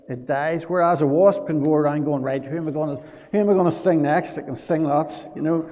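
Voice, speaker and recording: A man giving a children's talk at a church service, telling stories gently and asking the children questions. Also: fairly high pitch, big-room sound, highs cut off.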